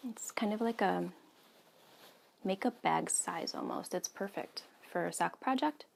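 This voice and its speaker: A woman's voice: medium pitch, unhurried, vocal fry, a little hiss or hum. A woman in her thirties hosting a casual knitting podcast from home, chatty and full of ums. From United States. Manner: chatty, many ums, soft asides. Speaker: podcast host. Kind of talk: casual chat.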